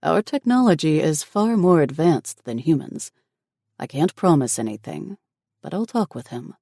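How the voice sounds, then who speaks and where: A woman voicing a protective male shifter who speaks in a measured, reassuring way. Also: low voice, animated, vocal fry, dark tone, no echo, clean studio sound, heavily acted.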